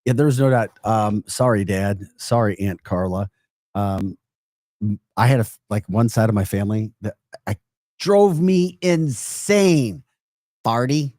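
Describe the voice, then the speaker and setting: A man's voice: on the low side, normal speed, dry recording, studio quality. Chatty St. Louis-accented radio host man. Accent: St. Louis Midwestern. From St. Louis, Missouri. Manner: chatty, joking, animated asides. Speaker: morning show host. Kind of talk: casual radio show banter.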